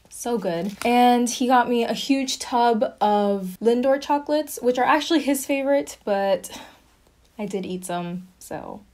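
A woman's voice: mid-range voice, darkish tone. A young woman chatting casually through a haul video, bubbly and full of fillers, a little out of breath. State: slightly out of breath. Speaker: vlogger.

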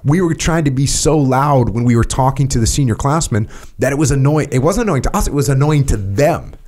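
A man's voice: mid-range voice, brisk. A man on a podcast, telling stories in casual chat and acting out his own quotes with energy. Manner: animated, acts out quotes loudly. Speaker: podcast guest.

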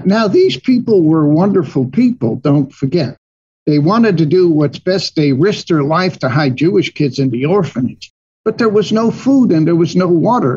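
A man's voice: fairly high pitch, darkish tone, slightly rough, muffled recording. An older man, a guest in an interview, telling personal stories vividly and acting out his own past dialogue. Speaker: guest, money manager. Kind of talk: storytelling in an interview.

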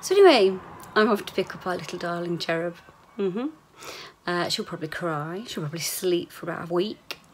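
A woman's voice: fairly low pitch, steady tone, a little fast, fairly bright tone, a little hiss or hum. A woman, rambling candidly in a chatty video diary, sometimes swearing. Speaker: vlogger.

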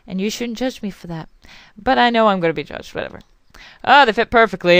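A woman's voice: medium pitch, brisk, a bit bright, smooth, dry recording. A young woman rambling and swearing through casual let's play commentary as a game channel host, apologizing often.

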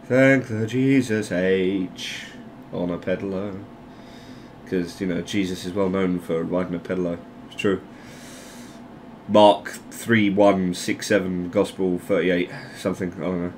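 A man giving casual, rambling commentary over a video game, joking, laughing often and breaking into loud exclamations. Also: low voice, fairly even intonation, unhurried, slight background noise. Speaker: gameplay commentator.

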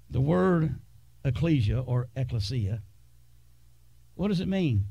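A man delivers a sermon from the pulpit in a fairly high voice. He builds with dramatic pauses and sometimes sinks to a hush. The recording is close and dry, with little room sound. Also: lively intonation, creaky, breathy edge, no room sound. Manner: preaching with dramatic pauses and sudden hushed drops. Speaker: pastor. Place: church sanctuary.

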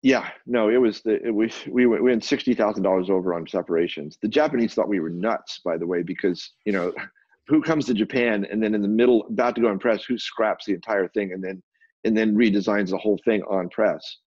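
An older man with a low, husky voice tells stories at a fast clip, restarting his sentences as he goes. The recording is dry and a little muffled. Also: no echo. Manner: brisk, animated anecdote telling with quick restarts. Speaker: guest, photographer and publisher. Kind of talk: storytelling in a conversation.

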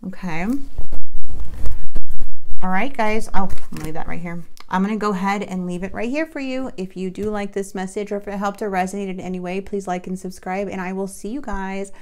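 A woman's voice: medium pitch, steady tone, a little fast. A woman giving a casual tarot reading to her viewers in an upbeat, chatty way, often checking in with "okay?". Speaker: tarot reader.

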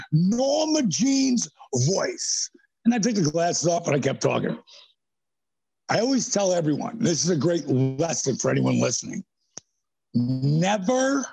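A man in his sixties telling stories as a podcast guest, animated and slipping into character voices. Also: a little high, gravelly, husky, no room sound, rough recording. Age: 60s. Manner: animated storyteller who slips into voices. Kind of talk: storytelling in casual interview.

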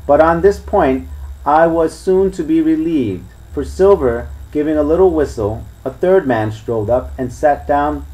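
A man's voice: on the high side, a little slow, rough recording. A man reading a classic adventure novel aloud as a series and signing off casually. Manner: plain, steady narration with casual sign-off. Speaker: reader of a serialized book. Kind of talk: storybook reading.

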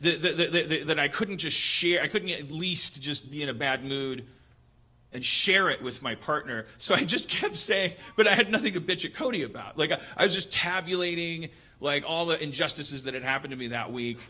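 A man hosting a comedy podcast, telling stories in an animated, profane ranting way. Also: a little high, moderate pace. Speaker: podcast host. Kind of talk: casual comedic storytelling.

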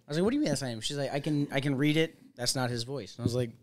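A man hosting a casual podcast, telling stories in a lively way, acting out other people's lines and laughing often. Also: on the high side, quick pace, hardly any pauses. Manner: animated storyteller, acts out quotes, laughs often, swears. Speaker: podcast host. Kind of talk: casual chat.

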